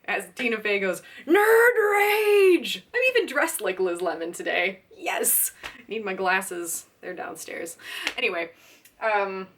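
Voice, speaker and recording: A woman book vlogger chatting casually to camera, giggly and gushing with fan excitement. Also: medium pitch, a little slow, a little hiss or hum.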